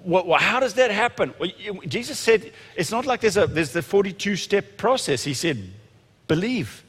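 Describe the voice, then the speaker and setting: A man preaching a sermon in an animated way, with frequent restarts and sudden bursts of loud emphasis. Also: high voice, moderate pace, slightly rough, long reverb tail. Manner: animated, rising to shouts when quoting, frequent restarts.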